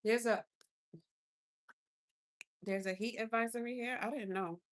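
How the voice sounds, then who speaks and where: A woman's voice: fairly high pitch, fairly even intonation, a little slow. A young woman doing a casual makeup livestream from her car, talking effusively with viewers and reacting to gifts. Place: inside a car.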